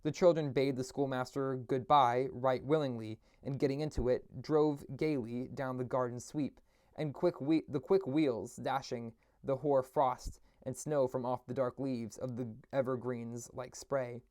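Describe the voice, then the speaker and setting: A man reading a classic novel aloud at a steady pace, with occasional slips and restarts. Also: mid-range voice, measured pace, dry recording, studio quality. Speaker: audiobook reader.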